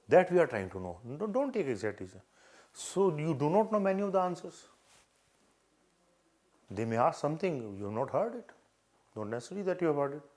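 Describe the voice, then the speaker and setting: An older interview coach with an Indian English accent gives earnest advice live, repeating himself and role-playing brief exchanges. He has a medium-pitched, slightly mellow voice.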